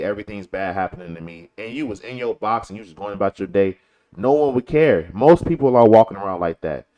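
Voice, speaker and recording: A man's voice: lowish voice, a little mellow. A man from Chicago talking in a casual, slangy commentary style, repeating points for emphasis. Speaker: commentary show host. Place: lives in Texas.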